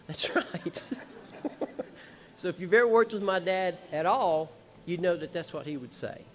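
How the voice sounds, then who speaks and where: A man's voice: sits high, measured pace, soft background music. A man speaking on a concert hall stage, telling family stories in a folksy, rambling, emotional way with small chuckles. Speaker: son of the honored musician, speaking at a tribute show. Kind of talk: personal stage speech.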